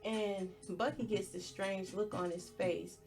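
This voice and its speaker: A woman's voice: mid-range voice, steady tone, unhurried, vocal fry, darkish tone, soft background music. A woman hosting a podcast, telling the plot of a show step by step in a casual, storytelling way. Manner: storytelling, plainly retells scenes step by step. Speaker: podcast host. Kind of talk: casual movie recap.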